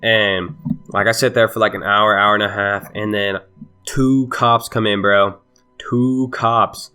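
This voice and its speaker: A man's voice: lowish voice, little pitch movement, unhurried, bright, forceful tone, clear, resonant tone, soft background music. A young man telling a heated storytime with lots of swearing and laughter. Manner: profane, laughing, heated retelling. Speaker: vlogger. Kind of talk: casual storytime.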